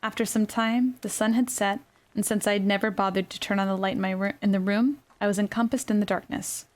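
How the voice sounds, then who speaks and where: Quiet young woman reading a story softly. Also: mid-range voice, fairly quick. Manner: quiet, gentle, even narration with small self-corrections. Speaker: storyteller reading her own novel. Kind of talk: soft-spoken ASMR story reading.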